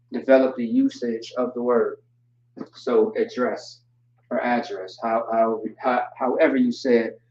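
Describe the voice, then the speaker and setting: Man, language teacher, flat delivery, spells words slowly, distant roomy sound, dull lo-fi audio. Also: mid-range voice, a little hiss or hum. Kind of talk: online class lesson.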